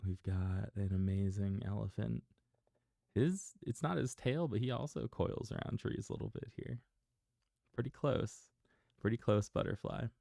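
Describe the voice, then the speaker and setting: Low gravelly guy reading bedtime stories on a stream, slow and mellow. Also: no room sound, studio quality. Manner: gentle, chatty, laughs softly to himself. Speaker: bedtime story livestreamer. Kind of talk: casual bedtime story livestream.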